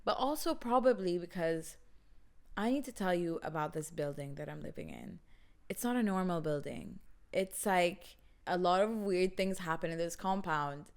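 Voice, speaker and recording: A woman podcast host, casually telling a story in an animated, dramatic way and using "like" a lot. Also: lowish voice, moderate pace. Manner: animated, dramatic retelling, frequent "like".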